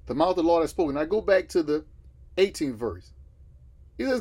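A man teaches a Bible class, often stopping to ask his listeners questions and then answering them himself. His voice sits a little high and is husky, and his pitch swings up and down a great deal as he explains each verse. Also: big pitch swings, a little fast, pauses often, darkish tone. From Southern United States.

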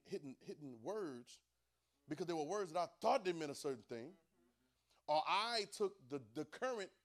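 Sex: man. Role: preacher. Style: high-voiced emphatic sermon. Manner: emphatic, repeats phrases, calls for responses from listeners. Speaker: preacher teaching a Bible class.

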